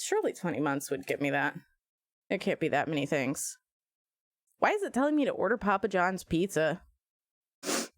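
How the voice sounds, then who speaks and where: A woman's voice: on the low side, no room sound, studio quality. A woman live-streaming, chatting casually and jokily with her viewers, often breaking into squeals and laughter. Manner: animated, jokey, sudden squeals and laughs.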